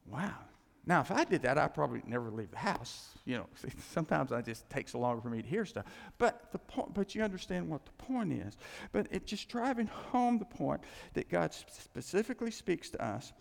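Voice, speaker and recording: A man preaching a sermon as pastor, animated, repeating his phrases and acting out quoted thoughts. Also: a little high, moderate pace, creaky. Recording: long hall reverb.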